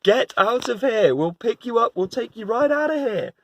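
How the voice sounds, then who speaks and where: A man's voice: very high voice, lively intonation, moderate pace, a bit bright, voice pushed up, exaggerated voice. A man voicing a male helicopter rescuer in a story, calling out urgently in a raised voice.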